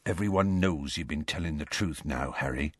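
A man voicing a huge, gruff, kindly half-giant gamekeeper who turns soft and hushed in sad moments. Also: lowish voice, very animated, moderate pace, no echo, studio quality, full character voice. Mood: quiet somber.

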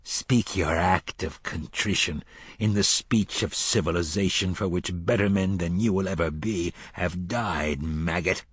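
A man voicing a brutal middle-aged weapons master in an audiobook. He speaks low, slow and menacing, his flat voice carrying a slight drunken rasp and a husky edge. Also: no echo, clean studio sound.

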